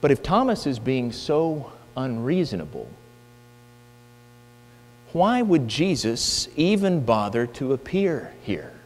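A man's voice: mid-range voice, very animated, takes it slowly, soft background music. A man preaching a sermon, emphatic and full of rhetorical questions, in a church hall. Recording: long hall reverb with mains hum.

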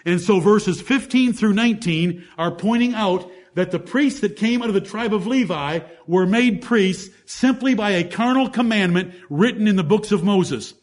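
A man with a high-pitched voice preaches at a moderate pace with few pauses. He teaches through Bible verses one by one, emphatically, posing rhetorical questions to the congregation.

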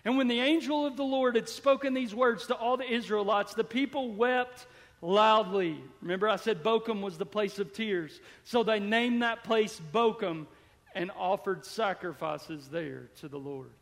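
Male pastor, very high voice, sermon with big volume swings, echoing hall. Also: normal speed, a bit bright. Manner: preaching with sudden swells and drops in volume. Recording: long hall reverb.

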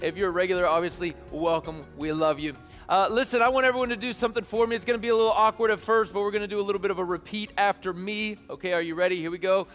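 A man preaching as a youth ministry pastor, eager and lively, rallying a young crowd in a church. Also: high voice, rapid-fire, in a large hall, soft background music. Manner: enthusiastic, calls to the crowd, repeat-after-me. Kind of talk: energetic youth sermon.

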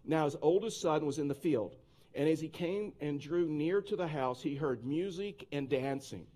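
Male pastor, mid-high voice, casual conversational sermon delivery with restarts. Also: normal speed, warm tone. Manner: conversational preaching with frequent restarts.

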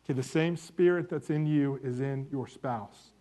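A man's voice: medium pitch, normal speed, warm tone. A man in his forties giving a sermon-style talk on marriage to a live audience, telling stories about himself with candid, self-mocking humor. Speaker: church marriage ministry speaker.

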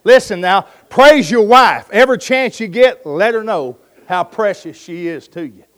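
A man's voice: high-pitched, expressive, normal speed. A man preaching a sermon, urging his listeners with emphatic, folksy storytelling and jokes.

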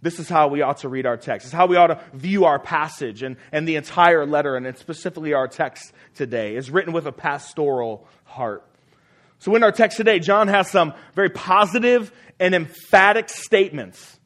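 A man preaching a sermon as pastor, earnest and fond of repeating phrases for emphasis, letting his voice fall soft at the ends of sentences. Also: fairly high pitch, normal speed.

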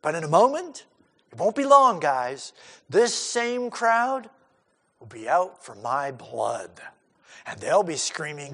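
A man preaching an expository sermon who acts out crowd voices and swings from loud to hushed. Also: on the high side, very animated, takes it slowly. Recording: hall reverb.

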